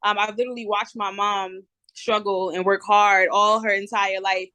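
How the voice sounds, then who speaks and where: A woman in her twenties from New Jersey, speaking with a New Jersey accent as a candid, lively guest in a casual interview. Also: medium pitch, moderate pace, clean tone, no echo. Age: 20s. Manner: lively, candid, lots of "um" and "you know". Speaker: guest entrepreneur.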